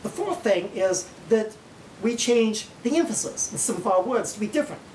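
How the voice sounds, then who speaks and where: A man's voice: high-pitched, animated, moderate pace, darkish tone, far from the mic, slight background noise. A man playing Charles Darwin as a folksy Oklahoma man, giving a comic mock lecture with an Oklahoma accent and a drawling, point-by-point manner, recorded in a roomy space away from the mic. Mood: folksy lecturing.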